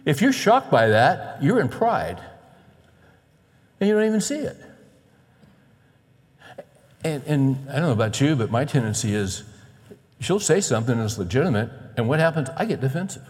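A middle-aged man preaches from the pulpit of a large church hall, his voice trailing off in a long reverb. His pitch sits at an average level for a man. He delivers the sermon with animated energy and acts out the voices of the people he quotes. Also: moderate pace, long pauses. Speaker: pastor.

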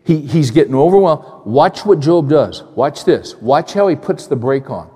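A male pastor preaching a sermon in a conversational, animated way, repeating phrases and asking the congregation questions. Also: on the high side, moderate pace, slightly rough. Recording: long hall reverb.

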